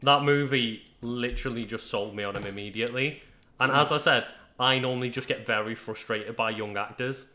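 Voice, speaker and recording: Male co-host, easygoing, bright and sharp tone. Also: mid-range voice, fairly quick. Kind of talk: casual chat.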